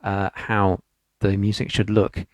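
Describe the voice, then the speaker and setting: Fairly low and monotone, a man from the UK speaks slowly while teaching piano online from his home studio, with no echo. He patiently explains each step and chants rhythm syllables over the background piano.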